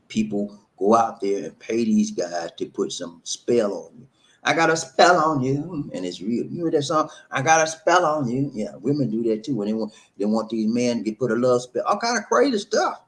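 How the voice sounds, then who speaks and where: A man hosting a casual livestream from his home, reading out viewer comments with loud call-outs and preachy advice. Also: fairly low pitch, rough recording. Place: home in the Philippines, green screen.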